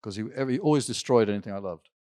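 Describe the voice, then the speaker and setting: With a fairly low, dark voice and a very fast delivery, an older man recounts rambling personal tales during an interview, occasionally laughing or restarting. It takes place on a symposium stage, in dry, clean studio sound.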